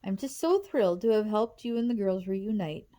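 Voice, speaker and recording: A woman reading aloud and voicing a stern, bossy female caseworker who scolds sharply and loudly. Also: medium pitch, expressive, moderate pace, natural voice. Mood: fake polite.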